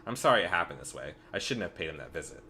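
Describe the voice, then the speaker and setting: A man quietly reading aloud the lines of a cryptic girl changeling in a game. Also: deep voice, big pitch swings, racing, slight background noise, heavily acted.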